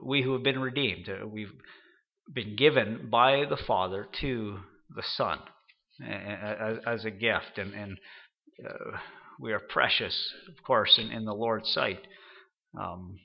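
A man giving an unscripted sermon, halting often and repeating words as he goes. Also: on the low side, gravelly, lo-fi sound. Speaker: preacher.

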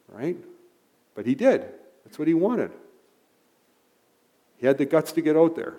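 A man's voice: medium pitch, animated, moderate pace, long pauses, warm tone. A man preaching a sermon in a conversational way, retelling Bible stories with frequent asides to the listeners. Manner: conversational, frequent "right?" and "you know" asides.

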